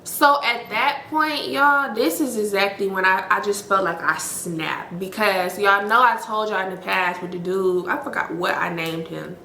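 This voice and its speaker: Blunt, bright-voiced woman telling a story. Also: mid-range voice, unhurried, creaky, few pauses, slight background noise. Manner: animated, blunt, addresses viewers as y'all, swears freely. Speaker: storytime vlogger. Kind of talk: casual storytelling to viewers. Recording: echoey room.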